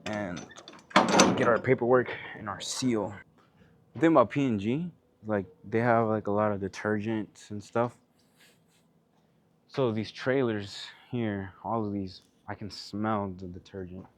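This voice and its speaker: A man's voice: on the low side, a little slow. A man who drives trucks, chatting casually for his vlog in a laid-back, slangy, rambling way while out at a truck yard.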